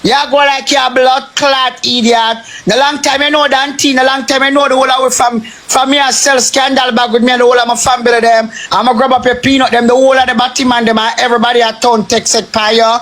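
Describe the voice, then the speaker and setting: A man's voice: very high-pitched, little pitch movement, fairly quick, few pauses, fairly bright tone. A man with a Jamaican accent doing a heated, repetitive rant on a phone live stream, swearing heavily. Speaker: social media live streamer.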